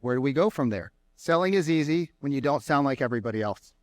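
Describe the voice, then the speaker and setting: A man speaking as a sales trainer to a live audience, energetic and mocking as he acts out callers. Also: mid-range voice, quick pace, few pauses, dry recording. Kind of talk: keynote talk to a live audience. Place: conference room with an audience.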